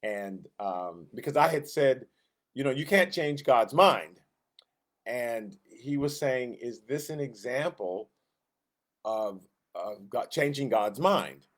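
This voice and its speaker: Animated man teaching Bible class. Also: mid-range voice, slow. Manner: animated, acts out quotes in raised voice, self-interrupting. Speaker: Sunday school teacher. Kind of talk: Bible lesson, casual teaching.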